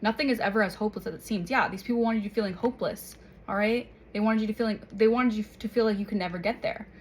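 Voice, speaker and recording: A woman's voice: medium pitch, fast talker, a little hiss or hum, low-quality recording. A woman giving a casual tarot reading, chatting along and checking in with "okay?" and "all right?" after her points. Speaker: tarot reader.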